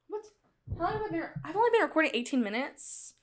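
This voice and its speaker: A young woman with a high, bright voice hosts a casual solo podcast. She talks chattily and animatedly straight to her listeners. When something amuses her, she breaks into a loud, cackling laugh. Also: very animated, quick pace. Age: young adult. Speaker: podcast host.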